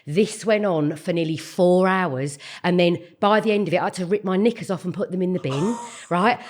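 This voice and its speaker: A middle-aged woman, telling animated stories in casual chat and swearing freely. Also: fairly low pitch, fairly quick, a little hiss or hum. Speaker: guest.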